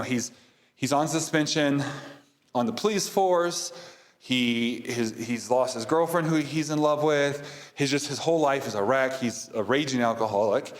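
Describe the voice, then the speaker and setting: A man hosting a podcast, casually recapping a movie in a rambling way with many fillers. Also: medium pitch. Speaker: podcast host.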